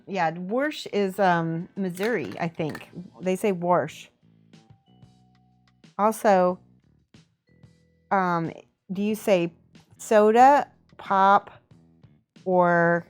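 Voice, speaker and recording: Drawing out her words and pausing at length, a lowish-voiced woman from the American Midwest paints miniatures on stream, chatting, laughing often, reading the chat and toying with pronunciations, with soft music behind her.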